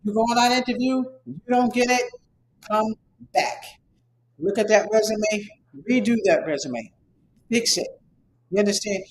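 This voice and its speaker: Instructor, male, high-pitched, casual and repetitive, a touch of faint background noise. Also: measured pace, pauses often, rough recording. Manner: rambling, repetitive, emphatic pep talk; casual, conversational. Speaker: online course instructor. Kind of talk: motivational talk to students.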